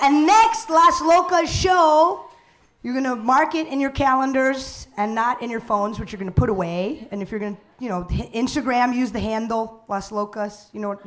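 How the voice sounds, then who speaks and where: A woman hosting a live stand-up comedy show, loud and playful, working the crowd. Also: high voice, a little hiss or hum.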